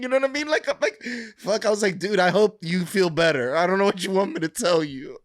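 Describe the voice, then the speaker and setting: A man's voice: high-pitched, expressive, brisk, hardly any pauses, fairly bright tone, no echo, studio quality. A man co-hosting a podcast, telling stories in casual chat, laughing often and swearing freely. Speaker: podcast co-host.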